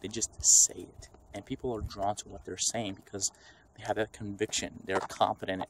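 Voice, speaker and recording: Low-voiced man ranting off the cuff. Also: moderate pace, slight background noise, poor audio. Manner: rambling, profane, animated, acts out quotes. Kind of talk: unscripted rant to camera.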